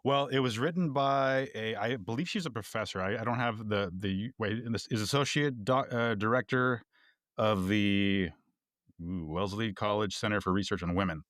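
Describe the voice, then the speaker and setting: Man from Texas, podcast co-host, low voice, rambling easy talk, dry close sound. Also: normal speed, fairly bright tone, no echo. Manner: rambling with many restarts, chuckling asides. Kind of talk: casual conversational podcast.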